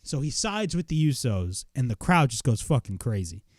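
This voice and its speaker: A man retelling a wrestling show in a casual, excitable recap, swearing freely as he goes. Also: medium pitch, moderate pace, no room sound, clean studio sound.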